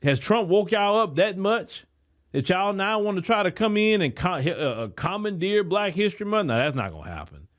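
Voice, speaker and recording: An American man with an African American English accent, hosting a podcast and delivering an emphatic, preachy commentary monologue that is full of repeated words and restarts. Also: normal speed. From United States. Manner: animated, swinging from raised to low, quiet asides. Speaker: podcast host.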